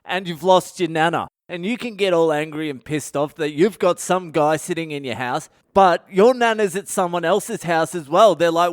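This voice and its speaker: Profane comedian riffing alone. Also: male voice, on the high side, normal speed, dry recording, clean studio sound. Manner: profane, storytelling, acts out voices. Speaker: comedian podcast host. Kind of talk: daily comedy podcast monologue. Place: a home in India.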